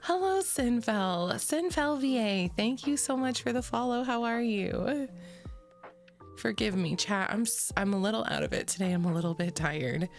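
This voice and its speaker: A woman's voice: fairly high pitch, expressive, moderate pace, soft background music. A woman streamer chatting casually with her live chat in a sleepy morning voice, giggly and rambling, swearing freely.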